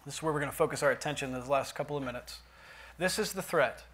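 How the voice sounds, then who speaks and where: A man preaching a sermon in a church, dropping to quiet asides and rising to loud emphatic lines. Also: fairly high pitch, fairly even intonation, fast. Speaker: pastor.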